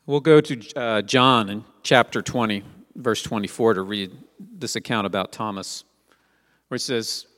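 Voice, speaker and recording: A man's voice: on the low side, measured pace, a bit bright. Man preaching in a reverberant hall. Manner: conversational, asks rhetorical questions. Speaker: Messianic teacher. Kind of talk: sermon with scripture reading.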